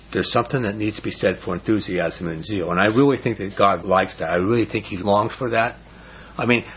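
A man's voice: on the low side, gravelly, breathy edge. A middle-aged man leading a Bible study in an earnest, rambling, casual way, with frequent restarts. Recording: dull lo-fi recording.

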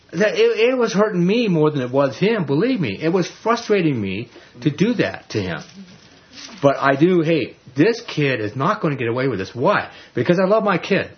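Animated male preacher on a dull recording. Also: a little high. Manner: animated storytelling, acts out quoted voices, frequent stammered restarts. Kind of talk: sermon with personal stories.

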